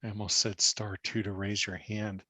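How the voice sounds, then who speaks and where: Low flat-voiced guy teaching a zoom class, slow and gentle, dry sound. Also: no room sound. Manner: slow, gentle, searching for words. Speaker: spiritual teacher leading an online class. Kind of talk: reflective teaching talk. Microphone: video call.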